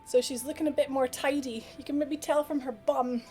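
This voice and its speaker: A chatty woman with a high, light voice, streaming a game live. She talks casually to her viewers, laughs easily, and coos affectionately at her dog between moments of play. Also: steady tone, brisk, warm tone, faint music behind.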